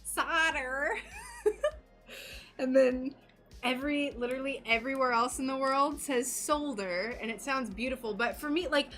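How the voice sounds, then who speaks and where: A woman's voice: high-pitched, fairly bright tone. An American woman livestreaming her stained glass craft, chatting casually and giggling as she greets viewers.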